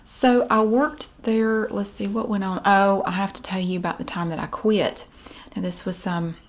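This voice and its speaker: A woman's voice: mid-range voice, steady tone, normal speed. A middle-aged woman telling a wry, exasperated story about an old job in a casual, chatty way. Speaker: vlogger.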